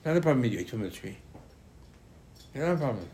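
A man teaching a Torah lesson in animated, loosely worded speech, acting out bits of the dialogue. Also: mid-range voice, fast, pauses often, a little hiss or hum. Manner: animated, acts out dialogue, ungrammatical phrasing.

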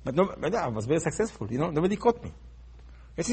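Man, sermon, husky voice, fairly high pitch, dramatic storytelling, loud then hushed. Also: big pitch swings, fast. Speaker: rabbi giving a Torah talk.

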